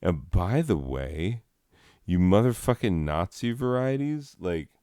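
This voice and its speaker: A man's voice: low voice, big pitch swings, slow, mellow, clear, resonant tone, no room sound, clean studio sound. A man doing a crude, sarcastic comedy rant full of swearing. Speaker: comedian ranting.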